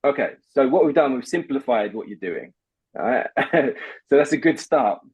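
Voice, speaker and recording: Over a video call, a man coaches a guest through voice exercises with patience and clear instruction, repeating words as he begins. His husky voice is medium-pitched and animated at normal speed, on a muffled recording.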